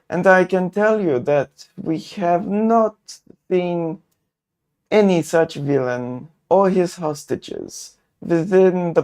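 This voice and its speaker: A man voicing a gentle robed male forest cultist who speaks in a measured, solemn way. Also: fairly high pitch, pitched above the performer's own voice.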